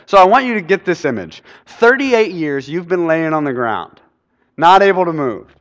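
A man preaching a sermon in an animated way, often quizzing his audience with quick questions. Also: high voice, lo-fi sound. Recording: reverberant hall.

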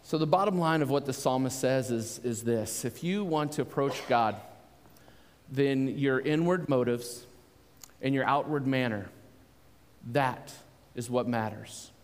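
A man pastor giving a sermon in a conversational, animated way. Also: mid-range voice, a little slow. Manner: conversational, animated preaching with restarts. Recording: long hall reverb.

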